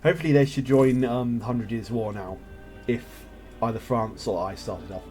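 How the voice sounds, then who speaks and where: A man's voice: medium pitch, normal speed, over music. A man casually commentating his own strategy game play as he thinks aloud, with jokey asides. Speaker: gameplay streamer. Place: home setup, recorded live on a voice chat.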